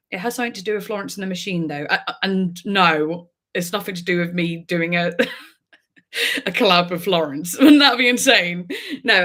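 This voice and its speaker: A woman's voice: mid-range voice, fairly bright tone. A woman, a music reaction YouTuber, chatting casually and rambling on a livestream, laughing often.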